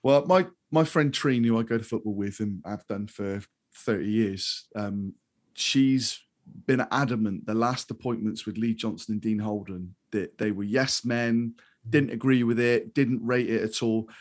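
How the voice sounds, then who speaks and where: A man's voice: fairly low pitch, measured pace. A man chatting earnestly about football, often repeating words as he starts a thought. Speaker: football show pundit. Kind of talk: casual football chat.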